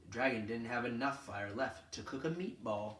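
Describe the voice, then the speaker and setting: A man reads a children's picture book aloud at a middle pitch, lively and expressive, turning now and then to his young listeners. The room echoes, and the mic sits well back from him. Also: normal speed, a little hiss or hum. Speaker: storyteller reading to children. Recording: roomy echo from a distant mic.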